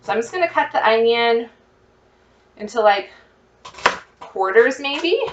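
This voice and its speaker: A woman chatting excitedly to her viewers as she cooks, thinking out loud in a casual vlog. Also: fairly high pitch, measured pace, pauses often, echoey room, recorded from a distance, muffled recording, heavy background noise. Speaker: cooking vlogger. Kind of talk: casual cooking vlog, talking to camera. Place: home kitchen.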